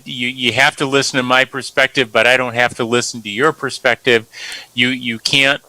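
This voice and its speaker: An earnest man speaking in a measured way, often restarting his phrases. His tone is very bright and forceful. The sound is dry and close, with no room around it. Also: mid-range voice, dry recording, poor audio. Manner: earnest, measured, repeats words as he talks. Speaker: guest doctor. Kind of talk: casual talk show conversation.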